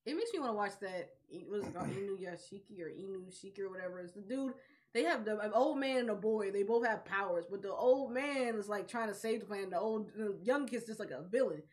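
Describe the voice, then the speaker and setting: Picture a woman co-hosting a relaxed chat about shows. She talks in a lively way, laughs often and drops into little voices whenever she quotes someone. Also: mid-range voice, fairly quick. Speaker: podcast co-host. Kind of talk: casual anime chat.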